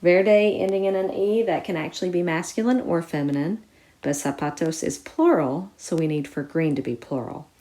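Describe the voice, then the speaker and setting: A woman's voice: lowish voice, moderate pace, dark tone. Patient woman teaching step by step. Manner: clear step-by-step explaining, stresses key words. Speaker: Spanish teacher. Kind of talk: recorded classroom lesson.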